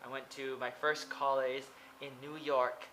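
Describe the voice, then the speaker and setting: A man's voice: medium pitch, little pitch movement, a little slow, bright, forceful tone, a little hiss or hum. A young man in his twenties, an English teacher, explaining things in simple repeated phrases for learners. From Oregon, USA. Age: 20s.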